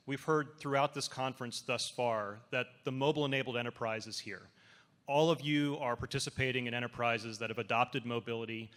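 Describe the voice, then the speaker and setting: A man giving an enthusiastic, sales-style conference presentation for a partner company. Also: a bit bright. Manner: enthusiastic, sales-pitch delivery. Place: large conference hall. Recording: long reverb of a conference hall.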